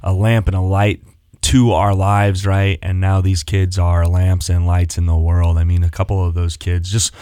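A low-voiced man speaks as an assistant pastor on a church radio show. He talks earnestly and quotes scripture in a relaxed chat. The sound is dry and close. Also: normal speed, no room sound. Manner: earnest, warm about faith, quotes scripture.

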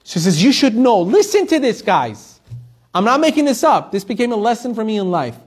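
Male Torah teacher, fairly high voice, lively storyteller who acts out the people in his tales. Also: a little fast, slightly rough. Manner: animated storytelling, acting out the people in his stories.

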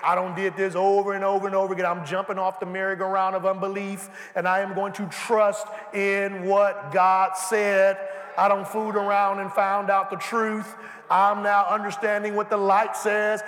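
A man preaching a sermon, calling out to the congregation and building to shouts. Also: high voice, completely flat delivery, normal speed. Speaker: pastor. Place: large church hall. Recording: echoey church hall.

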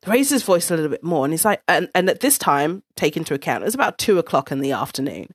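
A blunt, animated woman telling a personal story straight to the listener, swearing freely along the way. Her voice sits low for a woman but swings widely up and down as she talks. The recording is dry and close, with no room sound. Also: fast, slightly rough, no room sound. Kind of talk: casual storytelling monologue.

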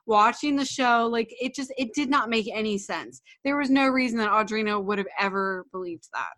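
A woman's voice: a little high, fairly quick, a bit bright. A woman co-hosting a casual podcast, talking in an incredulous, emphatic way. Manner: incredulous, emphatic, many "like" fillers. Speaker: podcast co-host. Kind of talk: casual recap chat.

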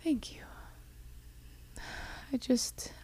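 A young woman co-hosts a casual chat, speaking extremely slowly in a dark-toned voice. She is heartfelt and reflective, dropping to a whisper when voicing quoted thoughts.

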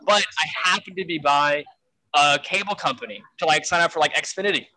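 A man's voice: on the high side, a little fast, sharp tone, low-quality recording. A man telling a frantic story in a casual way, full of fillers and swearing. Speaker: guest storyteller.

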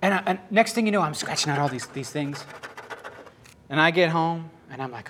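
Man, high-pitched, swooping intonation, storytelling sermon, acts out dialogue. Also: lively intonation, brisk, fairly bright tone, slight background noise. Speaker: preacher.

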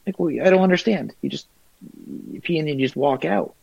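A man's voice: fairly high pitch, brisk, gravelly, a little mellow, breathy edge, muffled recording. A man co-hosting a casual podcast, talking in a rambling, hesitant way with frequent laughs. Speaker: podcast co-host.

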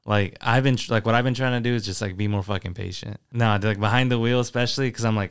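Fast-talking gravelly young man. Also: on the low side, steady tone. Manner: fast, rambling, full of filler likes and swearing. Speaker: podcast co-host. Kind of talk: casual chat.

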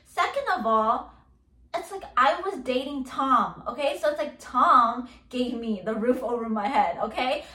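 A young podcast host with a high voice vents in a casual monologue, piling on filler words and swearing a lot as she rants. Her tone is bright and forceful. The recording sounds roomy and echoey because she is far from the mic.

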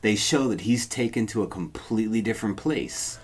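A man with a very low voice joining a casual podcast discussion. He speaks earnestly and dwells on small details. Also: brisk, over a noisy crowd.

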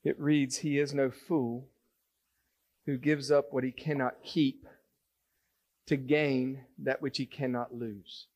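A man's voice: mid-range voice, level tone, slow, long pauses, darkish tone, dull audio. A man preaching a sermon to a congregation, earnest and building to emphatic points as he reads scripture. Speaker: pastor. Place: church sanctuary.

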